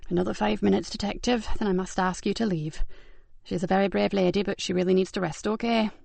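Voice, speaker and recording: A firm hospital doctor, quiet and lower than the narration, setting a limit politely, as a woman narrator reads it. Dry and close. Audiobook crime drama. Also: fairly even intonation, fast talker, creaky, no room sound.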